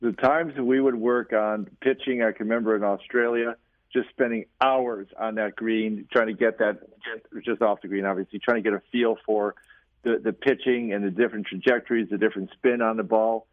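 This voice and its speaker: A man's voice: lowish voice, fairly even intonation, brisk, no echo. A man co-hosting a golf radio show as a coach, chatting and teasing in an easygoing way. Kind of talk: casual radio chat. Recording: tinny phone line.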